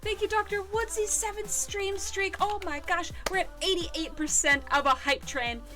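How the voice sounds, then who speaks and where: A woman's voice: very high voice, steady tone, normal speed, over music. A woman chatting on a live stream in a bubbly way, thanking viewers as she talks. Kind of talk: casual live-stream chat.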